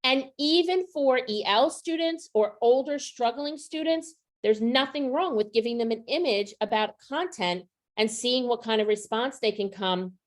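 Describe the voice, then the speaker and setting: A woman's voice: a little high, moderate pace, hardly any pauses. A woman presenting a literacy training session to teachers, explaining student writing samples and often checking in with the audience. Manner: explanatory, checks in with rhetorical "right?". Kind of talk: professional development presentation.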